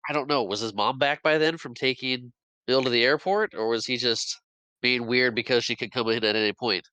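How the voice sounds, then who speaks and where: A man's voice: mid-range voice, steady tone, a little fast, pushed and bright, clear, resonant tone, no echo, low-quality recording. A man co-hosting a podcast, chatting casually about a movie with wry asides and frequent laughs. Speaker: podcast co-host. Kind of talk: casual movie recap chat.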